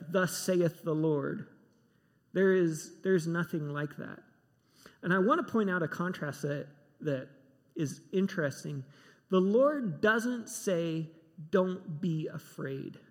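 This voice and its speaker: A man preaching a sermon, emphatic and given to repeating himself. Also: sits high. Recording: long hall reverb.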